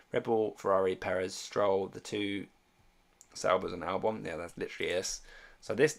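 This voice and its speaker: A man's voice: on the low side, vocal fry. A man casually chatting on a livestream, reading viewer comments and thinking aloud with lots of fillers and restarts. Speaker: streamer and fantasy sports host.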